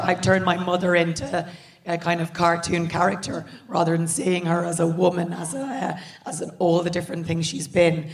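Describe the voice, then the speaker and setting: A woman co-hosting a live podcast on stage, telling quick and animated stories to a hall audience. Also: on the low side, vocal fry. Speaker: co-host.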